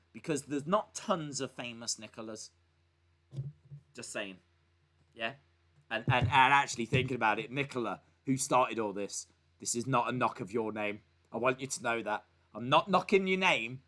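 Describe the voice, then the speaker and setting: A man's voice: fairly high pitch, bright, forceful tone. A young man hosting a live stream, reading viewer comments aloud in a playful, mock-baffled, joking way.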